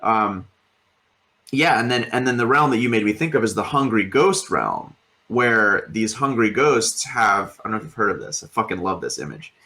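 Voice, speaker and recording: Very animated, this podcast co-host has a lowish voice that sounds pushed and bright at normal speed. His casual, rambling talk is packed with fillers and relaxed swearing.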